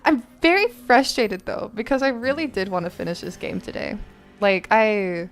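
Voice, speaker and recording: A woman's voice: medium pitch, big pitch swings, normal speed, soft background music. A tired young woman streamer chatting casually, rambling with lots of fillers and laughs.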